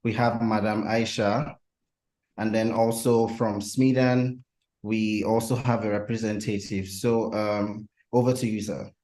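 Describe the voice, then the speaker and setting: A man's voice: lowish voice, level tone, measured pace, a little mellow, reverberant, low-quality recording. A man hosting an online webinar, speaking politely with many hesitations. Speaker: webinar host.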